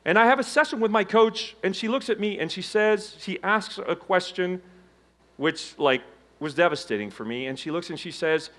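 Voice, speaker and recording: A man in middle age delivers a motivational keynote to a live audience. His voice sits fairly high, and he shifts sharply between loud emphatic lines and quiet, low ones. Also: normal speed. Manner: dramatic swings from loud emphasis to hushed low tones. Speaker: keynote speaker. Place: conference stage before a live audience.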